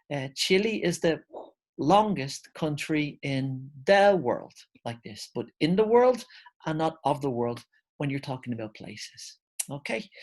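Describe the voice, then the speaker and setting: A man teaching English grammar in an online video lesson, explaining step by step in a relaxed way and calling his viewers "guys". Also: on the high side.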